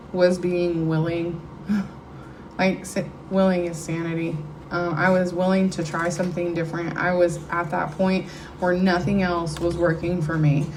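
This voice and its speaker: A woman's voice: lowish voice, a little mellow, slight background noise, rough recording. A middle-aged woman, speaking candidly and emotionally as she shares her testimony at a recovery meeting. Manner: candid, conversational, emotional storytelling. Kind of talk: personal testimony to a live audience. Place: meeting room with audience.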